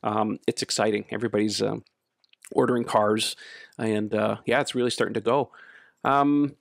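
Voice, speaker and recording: Guy hosting a podcast, gravelly voice, lots of ums, dry close mic. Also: on the low side, normal speed, no echo. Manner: relaxed, rambling with many fillers. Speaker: podcast host. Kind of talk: casual podcast chat.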